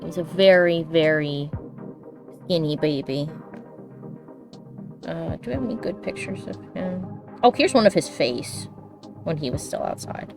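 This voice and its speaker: A woman's voice: deep voice, expressive, unhurried, long pauses, over music. A woman chatting casually and affectionately on her live stream while she draws, laughing often. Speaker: streamer and artist. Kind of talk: casual chat while drawing.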